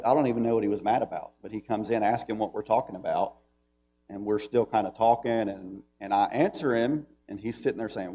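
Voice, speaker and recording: A man with a Southern American accent teaches a Bible class at church, speaking conversationally and reading scripture aloud with emphasis. His voice sits on the low side and sounds mellow, with a slight hiss or hum in the recording.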